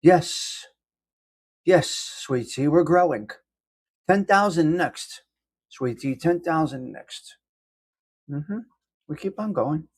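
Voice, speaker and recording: A man's voice: fairly high pitch, animated, slow pace, long pauses, a little mellow, husky. A man hosting a casual live-stream coffee chat, rambling and self-deprecating as he greets viewers by name. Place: indoors at home.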